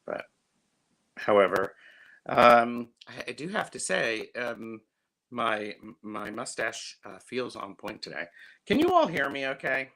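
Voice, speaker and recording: Chatty guy in his 50s on a webcam stream, bright voice, takes his time. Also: medium pitch, very animated, takes it slowly, vocal fry. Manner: chatty, greets viewers by name. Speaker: livestream host. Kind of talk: casual livestream chat.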